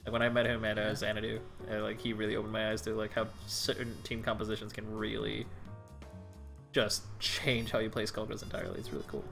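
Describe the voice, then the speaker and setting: A man co-commentating and running a fighting game tournament stream, easygoing and measured. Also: on the low side, completely flat delivery, gravelly, a bit bright, soft background music. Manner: easygoing, measured, adds analysis. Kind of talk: casual esports commentary.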